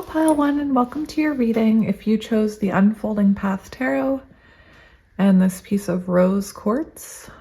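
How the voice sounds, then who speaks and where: A woman's voice: medium pitch, gravelly, dark tone, slight background noise. A woman giving a casual tarot reading to her viewers, chatty and gushing, thinking aloud as she goes. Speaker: tarot reader.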